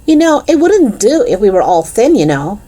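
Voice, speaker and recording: A woman's voice: fairly high pitch, sing-song, moderate pace, dark tone, pitched above the performer's own voice. A woman voicing a friendly, chatty schoolboy who mumbles through his food in a storybook. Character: chubby, chatty schoolboy chewing sweets.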